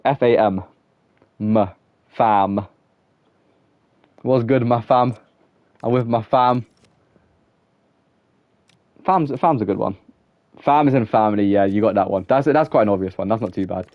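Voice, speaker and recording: A man's voice: lowish voice, unhurried, pauses often, no room sound, muffled recording. A young man streaming a game, chatting casually with viewers in a rambling way, filling his talk with "like" and breaking into laughter. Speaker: gaming streamer. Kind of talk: casual live-stream chat while playing.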